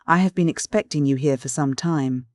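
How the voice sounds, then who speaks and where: Cold calm investigator, quietly ironic, measured, higher voice, dry recording, voiced by a man. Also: dry recording, natural voice. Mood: cool. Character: cool, ironic middle-aged male investigator.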